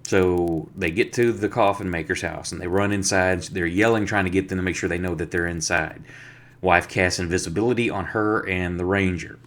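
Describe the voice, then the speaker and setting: A man's voice: low-pitched, fairly even intonation, normal speed, fairly bright tone. A man, the dungeon master, casually recapping a tabletop game session in a rambling storytelling way. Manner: rambling storytelling that acts out the players' lines.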